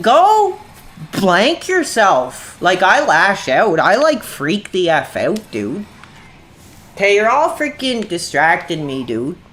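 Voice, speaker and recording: A man in his thirties chatting on a gaming livestream, irritable and quick to anger, saying "dude" all the time. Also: high-pitched, a bit bright. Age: 30s. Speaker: streamer. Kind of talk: casual gaming livestream chat.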